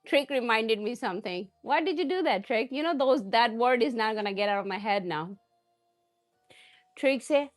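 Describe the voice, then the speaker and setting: A woman's voice: fairly high pitch, expressive, moderate pace, soft background music. A woman hosting a cooking live stream, chatting casually and answering viewer comments with frequent laughs. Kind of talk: casual chat while cooking.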